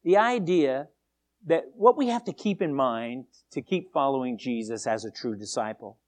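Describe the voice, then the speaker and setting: Lively, emphatic male pastor. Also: mid-range voice, normal speed. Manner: animated, emphatic, repeats words when starting sentences. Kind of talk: sermon.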